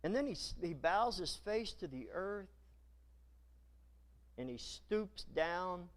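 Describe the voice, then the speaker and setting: A male pastor with a notably high speaking voice, preaching in a church. He retells scripture with dramatic, animated storytelling, often jumping louder for emphasis. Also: slow pace. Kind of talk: sermon.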